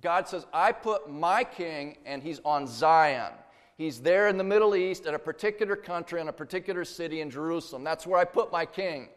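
A man's voice: fairly high pitch, moderate pace. Emphatic preacher man in a reverberant hall. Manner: emphatic, swings between loud and hushed. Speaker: pastor. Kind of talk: sermon.

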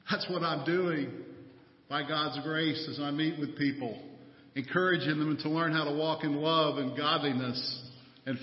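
A male pastor preaching a sermon with emphatic delivery and rhetorical questions. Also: a little high. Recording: roomy hall, dull sound.

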